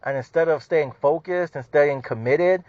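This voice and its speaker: A man's voice: fairly high pitch, normal speed, no echo. A man hosting a podcast, ranting casually with heavy swearing, repeated "you know what I mean" and frequent laughter. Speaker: podcast host. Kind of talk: casual profane rant. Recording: dull lo-fi dry sound.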